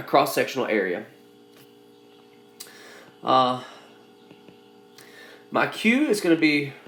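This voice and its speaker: A male engineering instructor giving a recorded lecture, halting and repeating his phrases as he explains, with an occasional cough. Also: fairly high pitch, fairly bright tone. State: coughing now and then. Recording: echoey room sound.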